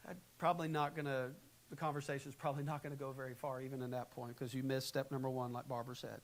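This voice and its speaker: A man preaching a sermon in a church, animated, shifting between quiet, calm advice and loud, acted-out quotes. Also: mid-range voice, quick pace, poor audio. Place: church sanctuary. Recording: faint hiss, live church recording.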